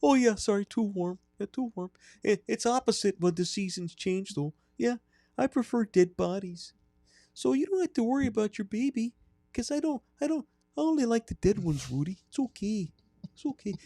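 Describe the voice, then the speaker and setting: A man doing a comic impression of a creepy, high-voiced small-town male killer with a Wisconsin accent, in a sing-song, cheery, unsettling way. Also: expressive, moderate pace, creaky, warm tone, dry recording, studio quality. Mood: creepily cheerful. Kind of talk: comedic impression on a podcast.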